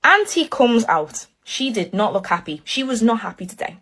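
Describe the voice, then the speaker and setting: A young woman tells a comic story in a casual way. Her voice is breathy and slightly husky. She sounds animated and exasperated and swears freely. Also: a little high, normal speed.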